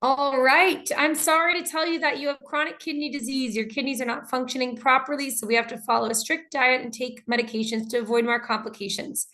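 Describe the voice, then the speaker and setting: Female teacher on a video call, slightly high voice, gives feedback on student answers. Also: steady tone, a little fast, hardly any pauses. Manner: reads student answers aloud and comments warmly on them. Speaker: English teacher. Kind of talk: online class teaching.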